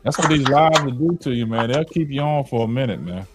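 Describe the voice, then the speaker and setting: A man's voice: mid-range voice, over a noisy crowd. Male stream panelist, mid-range voice, laid-back, playful repetition. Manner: relaxed, drawn-out, repeats phrases for laughs. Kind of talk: casual chat.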